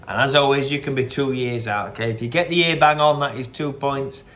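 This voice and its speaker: A man's voice: medium pitch, fairly quick, hardly any pauses, a bit bright, a little hiss or hum. Chatty man hosting a quiz. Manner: chatty, repeats each question, wanders into anecdotes. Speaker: quiz host. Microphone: phone.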